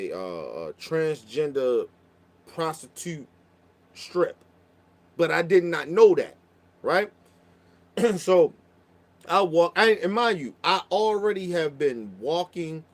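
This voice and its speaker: A man telling a long story in casual chat, profane and rambling, often restarting his sentences. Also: on the high side. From Baltimore.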